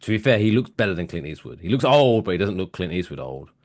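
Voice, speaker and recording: Animated man with lively pitch. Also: fast talker. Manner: animated storyteller, loud bursts of excitement. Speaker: podcast co-host. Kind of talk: casual chat.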